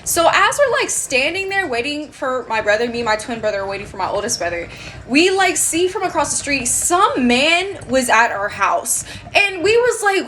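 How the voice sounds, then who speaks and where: Bright-voiced chatty woman telling a story. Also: high voice, brisk, a little hiss or hum. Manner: animated, chatty, lots of fillers. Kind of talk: casual storytime while crocheting.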